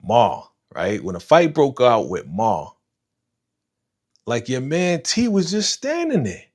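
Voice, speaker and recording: A man hosting a live stream, giving casual, animated reaction commentary full of slang and talking to chat viewers by name. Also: medium pitch, slow pace. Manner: animated, slangy, retells scenes with voiced quotes. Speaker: livestream host reacting to a TV episode.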